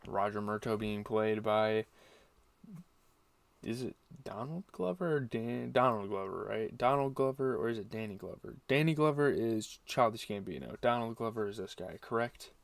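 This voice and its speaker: A man's voice: on the low side, expressive, normal speed, creaky, no room sound, distant mic. A young man hosting a casual movie review, rambling and correcting himself as he thinks aloud.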